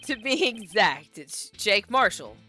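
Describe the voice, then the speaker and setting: A laid-back cowboy lawman drawls in a lowered, unhurried voice, stretching his words like a frontier gunslinger, as a woman reads him. The Southern drawl is thick and theatrical, with a soft bed of music underneath. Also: sing-song, heavily acted. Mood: laconic. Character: drawling cowboy-style male police officer.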